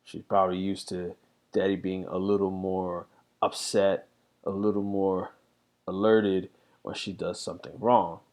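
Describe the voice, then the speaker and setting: A man's voice: sits low, little pitch movement, a little slow, darkish tone. A middle-aged man reflecting candidly in a rambling casual monologue, full of fillers. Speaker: vlogger.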